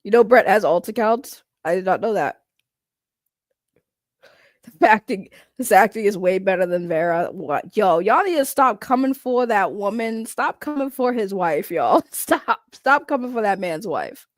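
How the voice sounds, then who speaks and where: A woman's voice: medium pitch, animated, dry recording, clean studio sound. Brash, profane woman livestreamer. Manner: brash, profane, quick to laugh, reacts to chat. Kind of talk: casual livestream chat.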